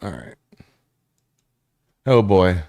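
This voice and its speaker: A man's voice: low-pitched, sing-song, drawn-out words, highs cut off. A man hosting a live stream, ranting at chat viewers in a combative, profane way. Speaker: livestream host. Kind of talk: live stream commentary rant.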